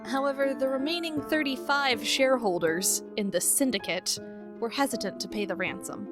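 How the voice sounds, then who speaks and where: A woman co-hosting a podcast, retelling a case from her notes in casual chat and laughing often. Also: medium pitch. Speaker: podcast co-host.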